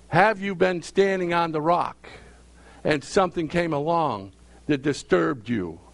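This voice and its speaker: A man's voice: a little high, vocal fry, dry recording. A male pastor preaching a sermon, repeating phrases for emphasis and calling out questions to his congregation.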